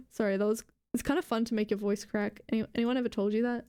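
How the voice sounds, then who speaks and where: A woman's voice: fairly high pitch, steady tone, normal speed, pauses often, a little mellow, clean tone. A woman live streamer in casual, rambling chatter, swearing and mocking herself as she goes.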